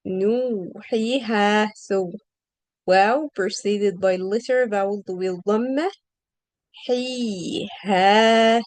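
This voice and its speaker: A woman's voice: mid-range voice, takes it slowly, darkish tone, dry recording, rough recording. A woman teaching Arabic reading in an online lesson, asking questions patiently and stretching out the example sounds.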